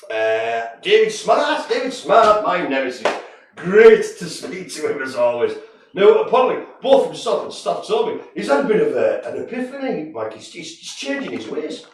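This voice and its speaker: Brief: man, co-host, jokey and rambling, slightly high voice, distant mic in an echoey room, faint noise. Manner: chatty and jokey, many fillers. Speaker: co-host giving shout-outs. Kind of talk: casual live-stream chat.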